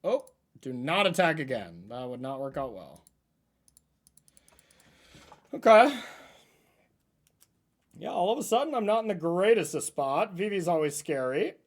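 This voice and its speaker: Male streamer, easygoing running commentary on his own plays, lively pitch. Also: moderate pace. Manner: thinks aloud about his plays, relaxed and chatty. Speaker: streamer playing a card game. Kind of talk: casual gameplay commentary.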